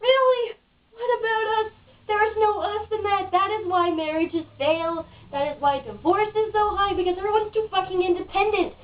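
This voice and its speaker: A woman's voice: very high-pitched, normal speed, hardly any pauses. A woman being interviewed in a casual home video, talking in a frustrated, cynical rant. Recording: dull lo-fi, mic at a distance.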